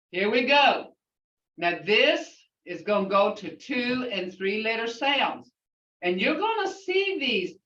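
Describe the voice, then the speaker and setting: An older woman teaches a language class at an unhurried pace, repeating each sound patiently. Her voice comes from well back from the mic, in a roomy space, on a dull, lo-fi recording. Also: medium pitch, fairly bright tone, recorded from a distance.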